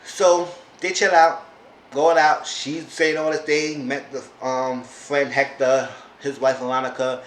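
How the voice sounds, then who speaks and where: A man casually recapping a reality show episode in an animated way, often talking back to the people on it. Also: mid-range voice, measured pace. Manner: animated, talks back to the characters. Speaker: YouTube reality-TV reviewer. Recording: roomy echo, faint background noise.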